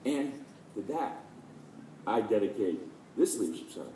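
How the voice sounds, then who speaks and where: Man, late 50s, dedication speech, lively storyteller, roomy sound, distant mic. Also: on the low side, moderate pace, noisy background. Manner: lively, self-deprecating, acts out quotes. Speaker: speaker at a dedication.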